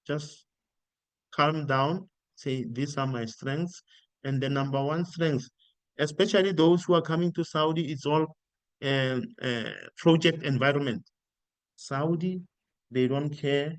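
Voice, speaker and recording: A middle-aged man from South Africa giving informal career coaching, animated and acting out the dialogue he quotes. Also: mid-range voice, dry recording. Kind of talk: informal spoken coaching talk.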